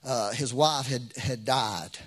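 A man's voice: mid-range voice, takes it slowly. A middle-aged man preaching a sermon as pastor, in a conversational way with frequent restarts and rising bursts of emphasis.

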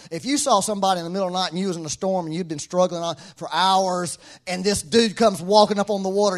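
High-voiced, animated man preaching. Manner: animated, conversational, chuckles often. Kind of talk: sermon.

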